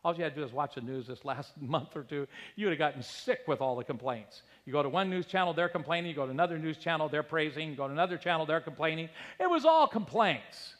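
A middle-aged man preaching a sermon in a church, lively and animated, acting out quoted voices as he goes. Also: a little high, fast talker, few pauses. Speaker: pastor. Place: church sanctuary. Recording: long hall reverb.

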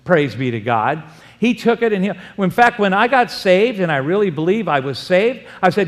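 Man, middle-aged, pastor, conversational sermon, call-and-response amens, higher voice, long church reverb. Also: big pitch swings, normal speed. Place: church sanctuary.

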